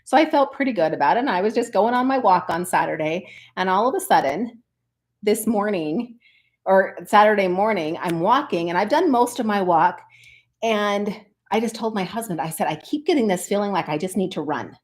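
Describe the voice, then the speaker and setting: An earnest woman in a casual motivational vlog, speaking at a middling pitch. She talks straight to her viewers in a chatty, heartfelt way. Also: lively intonation, moderate pace. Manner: earnest and chatty, often addressing viewers as "you guys". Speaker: online business coach.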